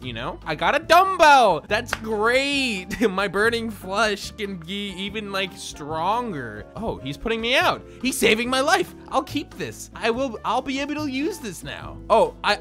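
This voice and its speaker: Excitable high-voiced young man gaming. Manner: excitable, jokey, shouts and laughs often. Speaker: gaming video creator. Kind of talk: gameplay commentary.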